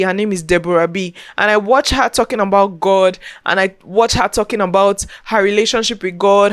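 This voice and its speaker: A young woman talking earnestly to camera as a content creator, repeating herself as she speaks from the heart. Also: medium pitch. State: getting emotional, near tears. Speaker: content creator and podcast host. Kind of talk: casual talk to camera.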